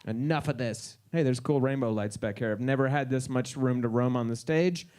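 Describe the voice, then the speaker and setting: A man's voice: mid-range voice, brisk, a little mellow, smooth. A man in his thirties doing a stand-up comedy set on a live stage, wry and incredulous, slipping into quoted voices.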